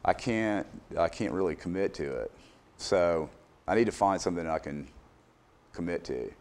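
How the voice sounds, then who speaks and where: Giving casual answers as an interview guest, a middle-aged business owner speaks hesitantly and without hurry, stopping to restart and filling pauses often. His voice is very low with a darkish tone.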